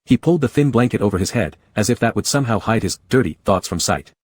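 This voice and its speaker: A man narrating a story in a low, slightly husky voice, steady and measured in his delivery. The sound is dry and close, with no room around it. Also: no echo. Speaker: audiobook narrator. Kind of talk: scripted narration.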